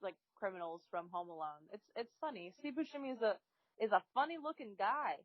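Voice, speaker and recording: A woman's voice: medium pitch, lively intonation, fairly quick, no echo. A woman co-hosting a podcast, chatting casually and stating her opinions emphatically. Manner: opinionated and emphatic, with frequent laughs. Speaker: podcast co-host. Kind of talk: casual chat. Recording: dry, dull lo-fi recording.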